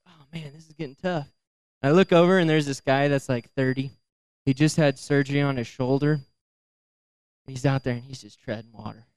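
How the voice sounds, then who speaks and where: A young man giving a storytelling sermon, lively, acting out voices and laughing as he goes. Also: mid-range voice, clean tone, no echo. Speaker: youth speaker.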